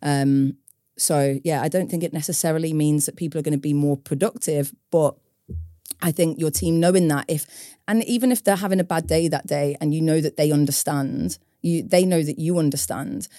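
A woman, a business co-founder, talking thoughtfully in a casual interview, pausing to find her words. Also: low-pitched, warm tone, no room sound, clean studio sound. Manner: thoughtful, searching for words, tag questions.

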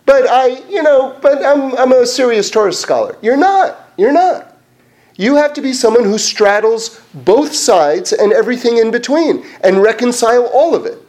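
A Torah teacher leads an informal class in a fairly high voice, speaking at normal speed with hardly any pauses. He's animated and chatty as he works through a question, restarting sentences and sprinkling in fillers.

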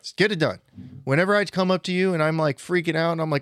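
With a high, clean voice and a quick pace, the man in his forties co-hosts a podcast, telling lively stories and imitating the people he quotes. The audio is clean studio sound without room noise.

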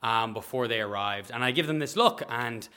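A man, a nurse, telling a story to an audience, animated and acting out the people in it. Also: medium pitch, moderate pace, clear, resonant tone. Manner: animated, acts out voices, bursts of shouting and laughter. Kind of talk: live storytelling.

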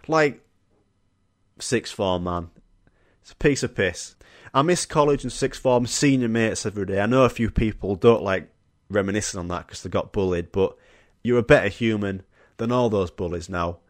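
A man's voice: lowish voice, normal speed, no echo, studio quality. A young man with a Yorkshire accent hosting a solo podcast, telling school stories with laughter, swearing and acted-out quotes. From Yorkshire, England. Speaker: podcast host.

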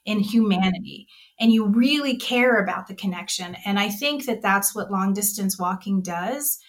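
A woman's voice: mid-range voice, normal speed. A middle-aged woman speaking passionately and from the heart as a nonprofit director in a podcast interview. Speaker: executive director of a trail nonprofit.

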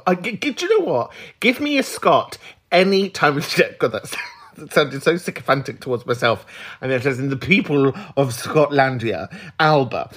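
A man's voice: medium pitch, animated, normal speed, a bit bright. A man hosting a podcast, reacting to callers with camp, bawdy, giggly chat. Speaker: podcast host.

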